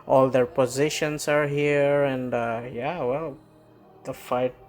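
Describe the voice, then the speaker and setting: Slow, rambling man reviewing manga. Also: medium pitch, steady tone. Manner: rambling, heavy on fillers, frequent chuckles. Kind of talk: casual review vlog. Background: faint background music.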